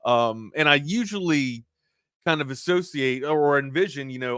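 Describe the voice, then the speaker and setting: Bright-toned man with slight Baltimore accent. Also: a little high, moderate pace, clean tone, dry recording, clean studio sound. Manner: rambling, animated game breakdown. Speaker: sports talk show co-host. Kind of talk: casual sports talk. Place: studio.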